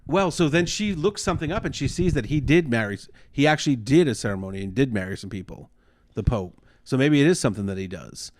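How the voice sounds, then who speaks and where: A man co-hosting a casual podcast chat, retelling a story with animated acted-out quotes and frequent swearing. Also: mid-range voice, fast. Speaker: podcast co-host.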